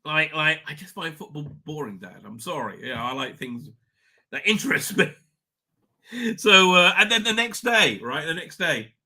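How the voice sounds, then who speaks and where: Chatty man, lively bright voice. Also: on the high side, moderate pace. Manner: rambling, chatty, many fillers and restarts. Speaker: livestream host. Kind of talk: casual livestream chat. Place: home office.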